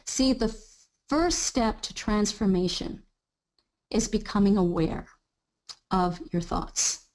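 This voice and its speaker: A woman's voice: mid-range voice, takes it slowly, long pauses. A woman giving a live training on mindset, talking casually and acting out people's inner thoughts. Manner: animated, acts out inner thoughts in quoted asides. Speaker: coach. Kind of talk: live online training talk.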